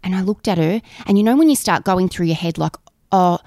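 A woman in her forties, co-hosting a podcast, telling animated stories in casual chat and swearing freely. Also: fairly low pitch, fast talker, no echo. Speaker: podcast co-host.

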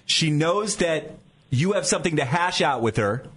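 A male morning-show host talking in a radio studio, his voice a touch husky and rising high for a man. His delivery swings up and down as he referees two callers. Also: moderate pace. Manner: moderating, lively delivery. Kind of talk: upbeat radio talk.

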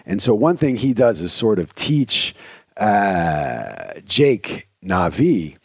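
Male podcast host, earnest and chatty, keeps restarting his sentences; low voice, dry close sound. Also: big pitch swings, slow, breathy edge, dry recording. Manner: earnest, conversational, with frequent restarts. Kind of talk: reflective spoken commentary.

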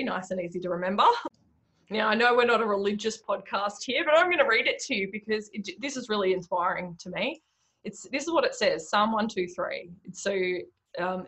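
A woman's voice: medium pitch, normal speed. A woman hosting a solo business podcast, chatting casually with lots of fillers. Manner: chatty, animated, many fillers like "you know" and "like". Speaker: podcast host, bookkeeping business owner.

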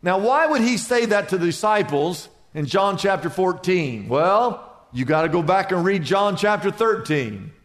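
A male pastor preaching a sermon, acting out worried voices and calming replies with dramatic swings. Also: high-pitched, normal speed. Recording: echoey hall with long reverb.

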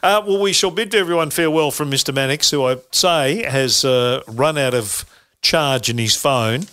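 Bright-voiced middle-aged man. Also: mid-range voice, moderate pace, smooth. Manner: rambling with many fillers and restarts, laughs easily. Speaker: podcast host. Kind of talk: casual podcast chat.

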